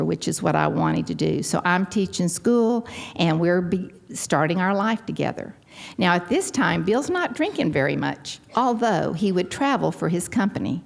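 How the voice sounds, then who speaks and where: Gravelly older Texan woman telling her story. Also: fairly low pitch, normal speed. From Texas. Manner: animated storyteller, acts out quotes. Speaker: recovery meeting speaker. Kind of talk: personal testimony talk. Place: large hall.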